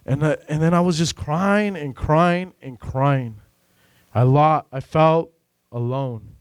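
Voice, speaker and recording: A man giving an earnest, emotional personal faith testimony, rambling and filling pauses with "you know.". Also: on the high side, dry recording. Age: adult with a son. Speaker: church member giving a testimony.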